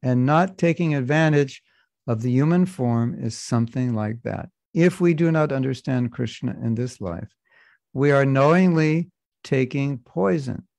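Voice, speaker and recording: A man teaching a scripture class, reading passages slowly and adding joking asides in between. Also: mid-range voice, vocal fry, darkish tone, no echo. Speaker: spiritual teacher.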